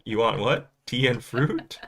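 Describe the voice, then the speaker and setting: Brief: playful male podcast host in his thirties, very animated pitch, quick to laugh. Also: vocal fry. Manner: playful, laughs a lot, mimics accents. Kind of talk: casual chat.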